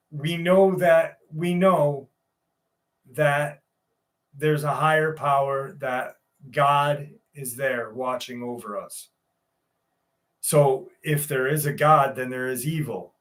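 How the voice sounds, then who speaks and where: A man hosting a live stream, chatting casually and reading viewer comments in a loose, jokey way with plenty of swearing. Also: a little high.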